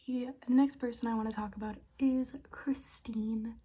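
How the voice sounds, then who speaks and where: A woman's voice: a little high, steady tone, measured pace, dark tone, breathy edge. A young woman from Canada telling a casual storytime as a vlogger, chatty with lots of filler words and often half-whispering.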